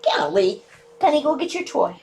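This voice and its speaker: A woman's voice: high-pitched, big pitch swings, normal speed, a little mellow, a little hiss or hum. Swearing, frustrated woman on a livestream. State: near tears. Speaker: livestream host. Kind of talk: casual livestream chat. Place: home room with ceiling fan.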